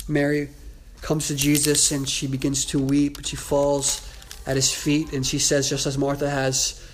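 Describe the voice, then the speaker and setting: A man's voice: a little high, monotone, unhurried. A man preaching a sermon, explaining the text in a conversational way with occasional self-corrections. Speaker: pastor.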